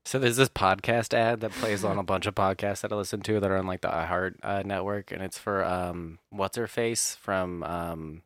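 Low-voiced male co-host, crude joker, dry close mic. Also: steady tone, normal speed, hardly any pauses, a bit bright, no echo. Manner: joking, crude, laughing. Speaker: podcast co-host. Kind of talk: casual podcast banter.

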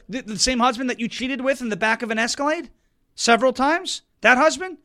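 A man's voice: very high voice, lively intonation, moderate pace, a bit bright. A man hosting a political talk show, in a sarcastic and mocking style, often slipping into put-on quotes. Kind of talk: animated political commentary.

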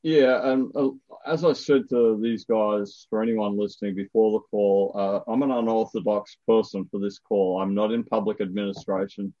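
A man with an Australian accent, a guest professor on a podcast, talking in a relaxed, joking way. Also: fairly low pitch, moderate pace, no echo, lo-fi sound. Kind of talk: casual podcast interview.

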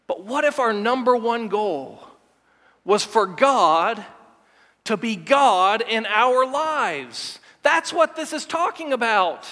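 High-voiced emphatic male pastor preaching. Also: very animated, pushed and bright. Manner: emphatic, repeats words, shifts from fast asides to slow stressed lines. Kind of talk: sermon. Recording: long hall reverb.

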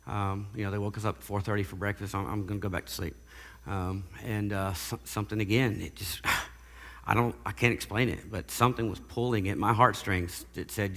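A man giving a casual spoken testimony, halting and often repeating words as he goes. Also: lowish voice, fairly even intonation, a bit bright, in a large hall. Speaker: guest sharing recovery testimony.

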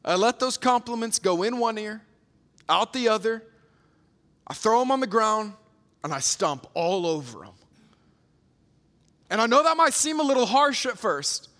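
Young guy preaching, pretty high voice, earnest, tells stories, lots of restarts, big hall echo. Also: expressive, moderate pace, long pauses, fairly bright tone. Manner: earnest, storytelling, many restarts and fillers. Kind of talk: sermon. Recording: long reverb of a hall.

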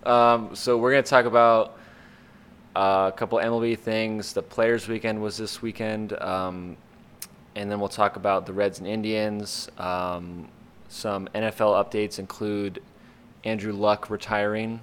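Low-voiced upbeat podcast host, man. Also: level tone, measured pace, fairly bright tone, a little hiss or hum. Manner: upbeat, loose and chatty. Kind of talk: casual sports podcast chat.

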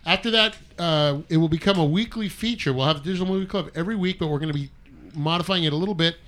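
A man hosts a loose group podcast, fond of jokes and tangents. His voice sits a little high for a man. He often talks over his co-hosts. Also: fast, fairly bright tone. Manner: jokey, rambling, talks over others. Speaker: podcast host. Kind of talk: casual group chat.

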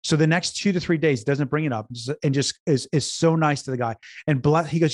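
A business consultant appears as a guest on an interview podcast, earnestly telling stories in a conversational way and often repeating words or restarting sentences. His voice is fairly high and fairly quick. The recording is dry with a clean studio sound.

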